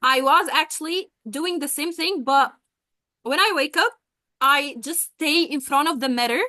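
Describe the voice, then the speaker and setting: Brief: high, bright woman teacher with an American-style accent, gushing and upbeat, dry video-call sound. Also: unhurried, no echo. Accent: American-style English. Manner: bubbly, enthusiastic, gushing praise. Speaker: English session teacher. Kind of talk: casual speaking practice on a video call.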